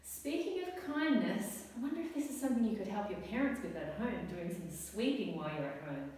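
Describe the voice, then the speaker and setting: A young adult woman teaching a guided yoga class for children, giving gentle, encouraging step-by-step cues. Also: medium pitch, big pitch swings, brisk. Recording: echoey hall, voice from far off.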